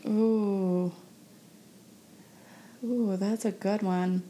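This podcast co-host speaks in a mid-range, very slow, mellow voice with fairly even intonation, and a little hiss or hum sits in the background. She chats loosely and casually, packing her talk with "like" fillers and laughing as she tells her stories.

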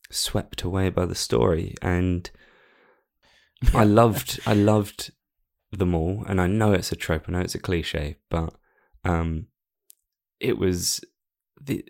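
A man's voice: deep voice, takes it slowly, gravelly, a little mellow. A man co-hosting a podcast, talking casually and hesitantly with lots of fillers. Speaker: podcast co-host. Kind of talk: casual chat.

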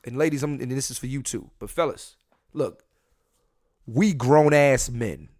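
A man's voice: mid-range voice, measured pace, a little mellow. A man hosting a casual solo podcast from a room at home, blunt and profane, often repeating himself and restarting as he talks straight to his listeners. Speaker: podcast host. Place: home room near a window.

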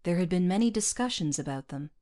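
A woman narrating a science fiction story aloud in a steady, even manner. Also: on the low side, fast talker. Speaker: audiobook narrator. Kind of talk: scripted narration.

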